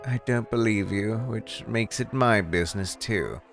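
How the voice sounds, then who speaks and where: A man's voice: lowish voice, a little slow, vocal fry, fairly bright tone, faint music behind, pitched above the performer's own voice. A man voicing a haughty, flirtatious woman nightclub owner in a game, with a drawling, affected manner. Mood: cold. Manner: drawling, affected, says "darling". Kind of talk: reading game dialogue aloud.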